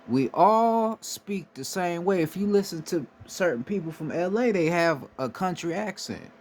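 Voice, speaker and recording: A man's voice: high voice, lively intonation, normal speed, a little mellow, a little hiss or hum. A man from the United States giving a casual, emphatic monologue, swearing freely and often asking "right?" to drive his points home. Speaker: spiritual commentator.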